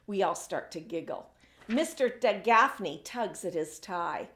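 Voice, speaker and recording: A woman, a children's author, reading her picture book aloud in an expressive storytelling way. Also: lowish voice, measured pace. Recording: echoey room.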